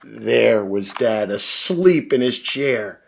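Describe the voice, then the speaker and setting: A man reading a children's picture book aloud, animated, with big voices and sound effects. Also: medium pitch, slow, creaky, a little hiss or hum. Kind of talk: read-aloud storytelling for kids.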